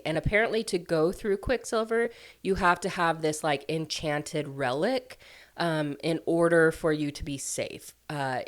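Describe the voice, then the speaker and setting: A woman casually recapping a book plot as a reviewer, chatty and full of "like" and "um" fillers. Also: deep voice. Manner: chatty, filler-heavy, lots of "like" and "um".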